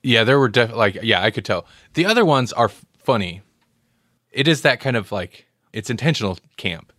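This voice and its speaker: A man's voice: medium pitch, animated, normal speed, a bit bright, dry recording, clean studio sound. A man co-hosting a podcast, chatting casually about movies and acting out scenes with quoted voices. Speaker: podcast co-host.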